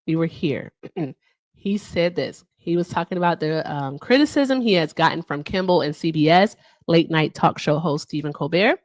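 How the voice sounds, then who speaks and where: A woman's voice: low-pitched, expressive, moderate pace, no echo. A woman hosting a casual livestream, chatty and laughing often as she talks straight to her viewers. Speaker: livestream host.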